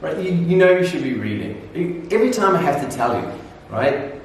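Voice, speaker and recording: A man's voice: a little high, big pitch swings, moderate pace, pitched above the performer's own voice. A man playing a flustered scolding teacher. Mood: exasperated scolding. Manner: exasperated, scolding. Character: flustered male teacher losing control of a noisy class. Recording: very echoey room, distant mic, faint noise.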